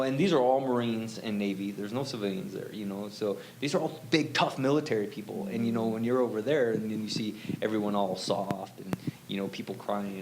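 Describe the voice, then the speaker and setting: A man telling his own story in a relaxed, rambling way, full of fillers and quoted lines. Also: mid-range voice, a little hiss or hum, rough recording. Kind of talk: casual storytelling.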